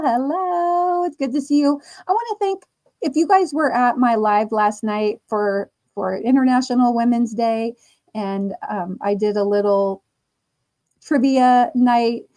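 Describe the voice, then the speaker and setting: Unhurried crochet streamer: a mellow, high voice, friendly comment-reading, frequent little laughs. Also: female voice. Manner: slow, chatty, laughs often. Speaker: livestream host. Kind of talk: casual livestream chat reading comments.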